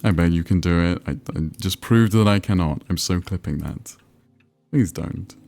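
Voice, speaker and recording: A man's voice: deep voice, normal speed, gravelly, darkish tone, soft background music. A man livestreaming, chatting casually and self-deprecatingly with his viewers as he plays a geography game. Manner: rambling, self-deprecating, answering chat messages.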